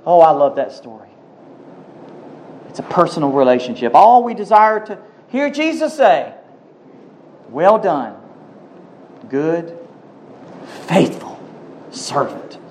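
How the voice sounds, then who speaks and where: A male pastor preaching a sermon, telling a story in a hushed voice and then building to emphatic questions and prayer. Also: on the high side, sing-song, normal speed, pauses often, slight background noise. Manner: emphatic, swings from hushed storytelling to rising exhortation.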